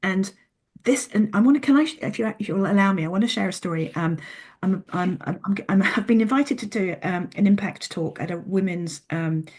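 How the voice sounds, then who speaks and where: A middle-aged woman, a podcast guest, telling a story in an animated way and often restarting her sentences. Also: mid-range voice, fairly quick, slightly rough. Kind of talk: casual interview talk.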